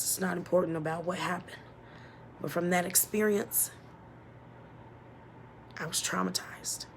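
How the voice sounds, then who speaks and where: A woman telling a painful childhood story as a personal testimony, halting and emotional, often dropping to a near-whisper. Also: fairly low pitch, gravelly, a little hiss or hum. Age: adult.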